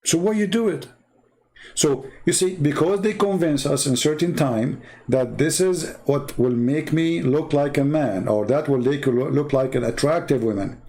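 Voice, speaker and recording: Warm in tone and on the high side, this man's voice keeps a moderate pace. An online commentator from the Arab Middle East, he mocks emphatically to camera in a sarcastic monologue packed with rhetorical questions.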